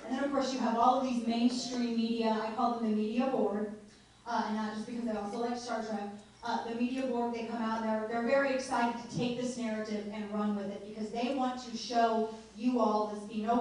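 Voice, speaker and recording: A woman's voice: on the high side, flat delivery, brisk, darkish tone, slight background noise. A woman giving a joking, informal speech to a live audience at a political meeting. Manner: chatty and joking, laughs often. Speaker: guest speaker at a political meeting. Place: meeting hall. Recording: echoey hall heard from far off.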